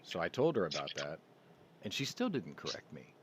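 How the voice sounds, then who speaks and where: A man's voice: low-pitched, normal speed, a little hiss or hum. A man hosting a podcast, telling a story in a casual way and acting out the voices he quotes. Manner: animated, acts out quoted voices. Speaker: podcast host.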